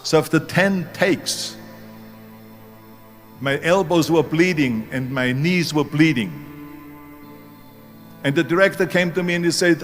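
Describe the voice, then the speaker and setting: A man's voice: a little high, measured pace, pauses often, soft background music. A man in his seventies with a German accent, giving a motivational speech as emphatic storytelling that leans hard on key words. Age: 70s. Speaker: speaker.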